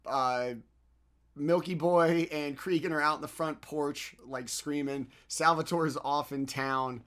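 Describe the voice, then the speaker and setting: A man's voice: a little high, fairly even intonation, takes it slowly, a bit bright. A man running a tabletop game as game master. He narrates in a loose, rambling way with plenty of fillers and laughter between lines.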